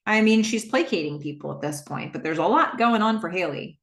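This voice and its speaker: A woman hosting a podcast who retells a TV episode in a casual, animated way and acts out the characters' lines. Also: on the low side, a little fast, vocal fry. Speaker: podcast host. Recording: roomy echo.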